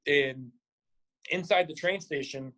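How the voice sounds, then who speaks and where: A middle-aged man from Nebraska, a boxing coach and podcast guest, telling stories in a casual way, acting out quotes with big jumps in pitch and swearing freely. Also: slow, fairly bright tone. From Nebraska, USA. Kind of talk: casual storytelling.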